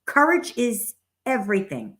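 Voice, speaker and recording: A woman's voice: on the high side, wildly swooping pitch, a little slow, a bit bright. An older woman co-hosting a psychic show, chatting and giving encouraging astrology readings. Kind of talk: casual chat and astrology reading.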